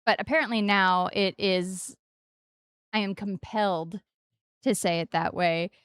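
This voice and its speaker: A woman in her forties chatting casually while streaming a game, playful and jumping into high sing-song stresses on odd syllables, close to the mic. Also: steady tone, a little slow, a bit bright, clean tone, dry recording. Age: 40s.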